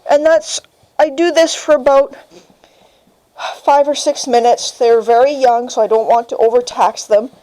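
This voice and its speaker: Soft-voiced woman with a mellow tone. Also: low-quality recording. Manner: calm explaining, high sing-song praise to puppy. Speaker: dog breeder. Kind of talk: casual instructional vlog. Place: home kitchen, indoors. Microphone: handheld camera mic.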